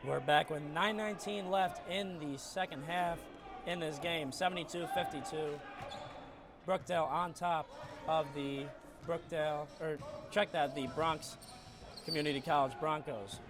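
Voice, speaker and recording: A man with a raspy voice calling a live college basketball game from an arena skybox, getting excited and shouting on big plays. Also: on the high side, a little slow. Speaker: play-by-play commentator. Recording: noisy arena broadcast feed. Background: arena ambience, ball bouncing.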